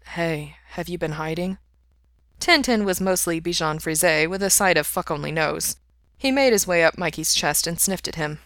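A woman reading fiction aloud in a calm, plain narration. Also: on the low side, moderate pace, no room sound, clean studio sound. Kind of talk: audiobook-style fiction reading.

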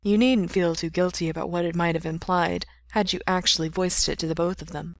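A woman voicing a calm, gentle male friend who speaks in a measured, reassuring way, in a storybook reading. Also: fairly low pitch, vocal fry.

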